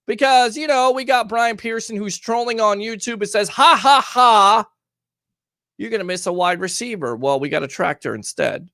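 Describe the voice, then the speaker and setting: A man's voice: sits high, a little fast, hardly any pauses, fairly bright tone, no echo, studio quality. A man hosting a live call-in sports show, talking emphatically and reading fan comments aloud. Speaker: sports talk show host.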